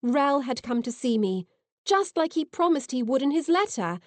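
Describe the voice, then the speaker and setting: A woman narrating an audiobook in first person with lively, expressive reading, on a close mic. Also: sits high, moderate pace, dry recording.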